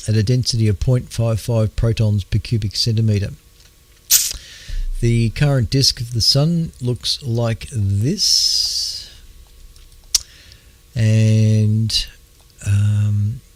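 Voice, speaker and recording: An Australian man hosting an astronomy radio show, talking in a halting, casual way with many fillers, clearing his throat as his voice wears out. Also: medium pitch, a bit bright. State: losing his voice. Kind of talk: casual astronomy news talk.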